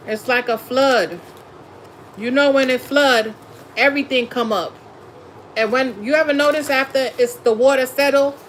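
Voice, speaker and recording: A woman's voice: a little high, a little hiss or hum, low-quality recording. A woman tarot reader chatting casually on a live stream, laughing often and talking in a blunt, slangy way. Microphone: phone or webcam on a live stream.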